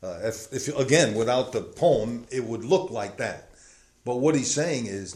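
A man preaching a sermon, acting out quoted prayers and swinging between loud, emphatic lines and hushed ones. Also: medium pitch, expressive, unhurried. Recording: roomy echo.

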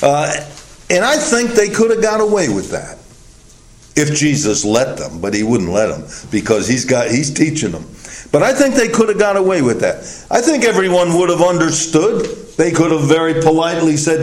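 A man's voice: fairly high pitch, sing-song, moderate pace, a little mellow. A man preaching a sermon in a conversational way, acting out the thinking of the people in his story. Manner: conversational, acts out the disciples' reasoning. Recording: echoey room, taped sermon.

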